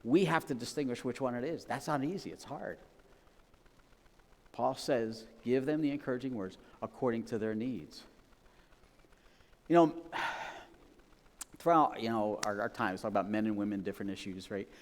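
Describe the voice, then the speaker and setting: Pastor preaching in a reverberant church. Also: male voice, medium pitch, normal speed, long pauses. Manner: conversational, emphatic, often asks "right?". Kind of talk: sermon. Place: church sanctuary.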